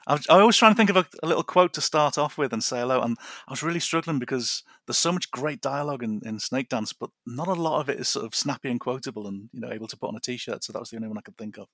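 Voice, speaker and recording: A man's voice: mid-range voice, rapid-fire, fairly bright tone, no room sound. Male guest, chatty and rambling, frequent laughs, dry close sound. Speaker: podcast guest. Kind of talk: casual chat. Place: his garden.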